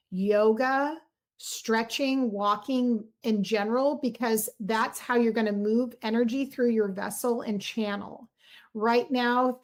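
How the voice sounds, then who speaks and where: Chatty woman reading tarot on a livestream. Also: fairly high pitch. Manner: chatty, warm, effusive, talks to viewers directly.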